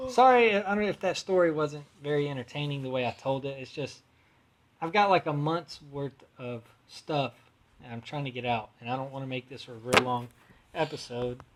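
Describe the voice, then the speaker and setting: A man's voice: medium pitch, a little hiss or hum. A man hosting a podcast from home, telling a long story in a rambling, profane, casual way. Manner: rambling, profane, restarts often. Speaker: podcast host.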